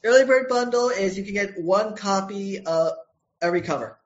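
A man's voice: sits high, normal speed, dull audio. A man, a comic book writer and co-creator, answering interview questions in a casual, hesitant way.

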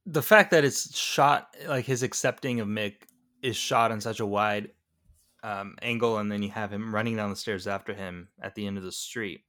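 A man's voice: lowish voice, normal speed, bright, forceful tone. A man co-hosting a casual movie podcast, talking with rambling enthusiasm and many restarts. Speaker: podcast co-host. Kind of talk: casual movie review chat.

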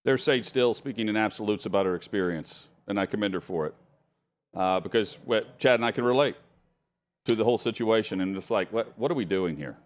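A man co-hosting a sports talk radio show, introducing clips and teasing upcoming guests briskly. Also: on the low side. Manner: brisk announcer-style transitions.

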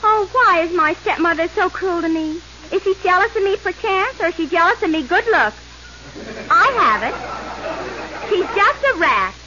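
Snow White, melodramatic and sweet. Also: female voice, very high-pitched, expressive, moderate pace, pushed and bright, a little hiss or hum, full character voice. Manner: melodramatic, wide-eyed, wisecracking. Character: sweet, dramatic young woman Snow White. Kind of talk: 1930s radio comedy acting. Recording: dull 1930s radio broadcast with music.

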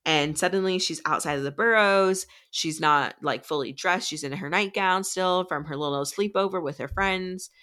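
A young woman co-hosting a podcast, chatty and animated as she recaps a book, swearing freely. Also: lowish voice, normal speed, few pauses. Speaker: podcast co-host. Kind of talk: casual book discussion.

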